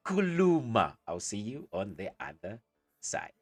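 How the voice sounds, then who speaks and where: A man's voice: mid-range voice, moderate pace, over loud music. Laid-back guy teaching words to his viewers, chatty, says um a lot, medium voice. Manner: relaxed, chatty, many ums and you-knows. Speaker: language teacher. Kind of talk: casual online language lesson.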